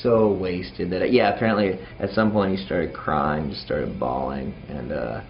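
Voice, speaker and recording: A man's voice: deep voice, unhurried, creaky, lo-fi sound, slight background noise. A man from Texas, a touring band member, telling a road story animatedly with lots of fillers. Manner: animated, full of fillers, acts out the scene.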